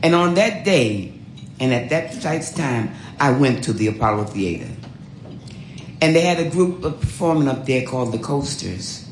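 An older woman, telling her life story in an animated, laughing way. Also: very deep voice, moderate pace, a little hiss or hum. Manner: animated, laughing, acts out voices. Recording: roomy echo.

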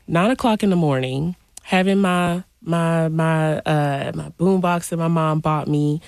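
A woman in her late twenties, a DJ, guest on a radio show, talking in an animated, chatty way with playful asides. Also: fairly low pitch, measured pace, dry recording, studio quality. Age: late 20s. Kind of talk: radio interview. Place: radio studio.

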